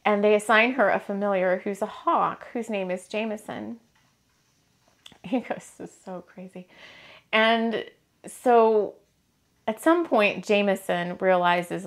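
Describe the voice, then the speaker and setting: A woman reading oracle cards in a casual, gushing way, laughing often as she talks about her decks and her books. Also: medium pitch. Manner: gushing and excitable, quick to laugh. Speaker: spiritual energy reader and deck author.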